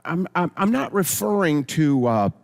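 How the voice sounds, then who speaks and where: A man in a live class, teaching biblical counseling with a lively, swooping delivery that rises and falls a lot. His voice sits a little high for a man. He reads scripture aloud and stumbles into restarts and repeated words as he explains. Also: measured pace, gravelly.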